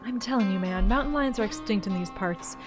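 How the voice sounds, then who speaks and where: A woman's voice: mid-range voice, brisk, over music, natural voice. A woman voicing an eager young woman who hunts monsters on video, in a voiced-over game, earnest and pleading.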